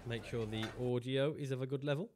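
A man's voice: mid-range voice, fairly even intonation, brisk, a little mellow, a little hiss or hum. A man chatting casually on a live stream, rambling, chatty and self-mocking, swearing freely into a desk mic.

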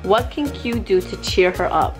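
A woman's voice: mid-range voice, expressive, normal speed. A woman vlogging casually as a mom, chatting through a product plug and reading game cards aloud to her child. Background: background music.

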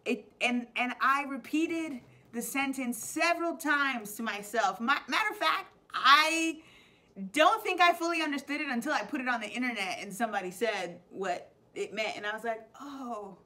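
A woman's voice: high-pitched, normal speed, pushed and bright. A young adult woman teacher hosting a playful web show, explaining slang in a chatty way and laughing often.

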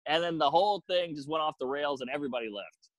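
Animated, profane male comedian, close and dry. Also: fairly high pitch, fast talker, no room sound, low-quality recording. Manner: profane, animated storytelling with acted-out quotes. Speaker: comedian guest. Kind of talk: casual storytelling chat.

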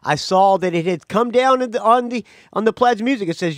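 A man's voice: high-pitched, lively intonation, normal speed, dry recording. A man hosting his own music podcast, talking casually and rambling, with frequent restarts and asides. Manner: rambling, chatty, self-correcting. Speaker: podcast host. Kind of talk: casual solo podcast talk.

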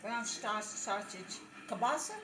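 An older woman talks warmly through each dish at a party and who brought it, in casual chat. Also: mid-range voice, a little slow. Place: home party room. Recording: echoey room with noise.

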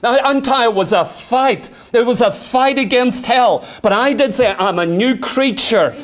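A man's voice: extremely high pitch, normal speed. A middle-aged man preaching a sermon, fervent, full of rhetorical questions and arguing aloud with himself.

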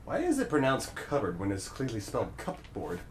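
A man hosting a casual let's play, joking and playfully indignant as he comments. His pitch moves all over the place. A faint noise runs behind him. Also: huge pitch swings, fairly quick. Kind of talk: casual gaming banter.

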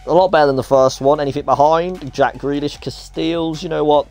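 A young man giving excitable, chatty pack-opening commentary in a game video. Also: a little high, brisk. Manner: excitable, chatty, reacts aloud to each card. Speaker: gaming YouTuber. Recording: faint music behind the voice.

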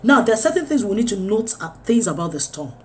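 A woman preaching a sermon, swinging between loud urging and low, quiet lines. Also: big pitch swings, fast talker.

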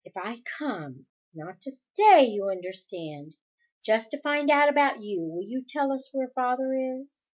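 A precocious small boy speaks in slow, earnest, grown-up sentences, voiced by a woman reading a book aloud. Her voice is a little husky, and the recording sounds dull. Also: a little high, animated.

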